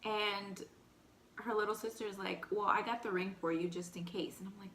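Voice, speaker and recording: A young woman with a light Texan accent casually telling a personal story between bites, animated and candid, full of "like". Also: medium pitch, normal speed, pauses often, echoey room, slight background noise. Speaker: vlogger. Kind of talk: storytime eating show chat.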